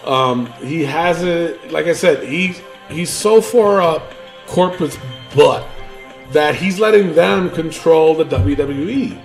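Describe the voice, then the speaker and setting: A man's voice: on the high side, slow pace, creaky, faint music behind. A man co-hosting a wrestling podcast, ranting casually with lots of fillers and profanity. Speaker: podcast co-host.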